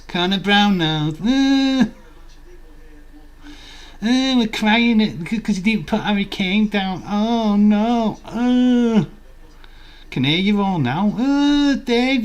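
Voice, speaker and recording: A man putting on a high, whining voice to mock a nagging stream viewer in sing-song tones. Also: slow pace, clear, resonant tone. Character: whiny crying male stream viewer, nagging.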